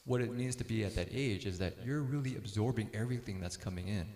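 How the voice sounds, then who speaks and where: A man's voice: on the low side, fast talker, a little mellow, reverberant. A middle-aged man speaking casually to a group about parenting, telling stories and laughing easily as he acts out quotes.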